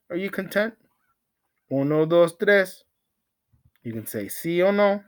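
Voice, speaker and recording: A man teaching a language lesson through a simple story, repeating phrases, counting out pauses and breaking into dramatic exclamations. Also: on the high side, lively intonation. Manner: slow, repetitive drilling with counted pauses; dramatic exclamations between asides. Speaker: Spanish teacher.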